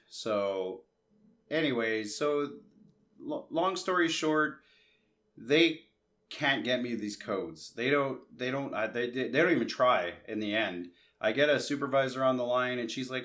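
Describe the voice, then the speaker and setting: A man's voice: mid-range voice, normal speed, fairly bright tone. A man from Canada, a tech vlogger, telling a long casual story and acting out both sides of his chats with customer service. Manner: chatty, re-enacts conversations in quoted asides, frequent restarts.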